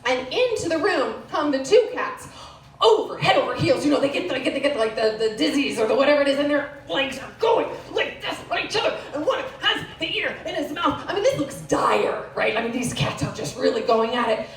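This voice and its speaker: A woman in her thirties doing stand-up comedy, telling a story on stage with lively, animated delivery. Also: a little fast. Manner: animated storytelling with wild pitch jumps. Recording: roomy live venue, distant, faint hiss.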